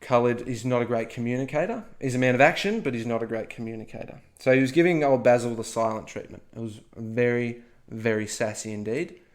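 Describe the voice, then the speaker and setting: With a mid-range voice, a slightly fast pace, and hardly any pauses, this man co-hosts a history podcast. He keeps things playful, peppering the story with jokey asides and repeated "okay?".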